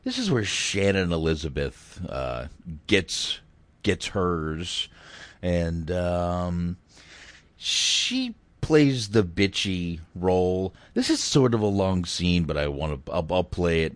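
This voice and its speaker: A man's voice: deep voice, lively intonation, slow pace, no room sound. A man hosting a casual film chat, rambling and crude, with many hesitations. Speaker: podcast host.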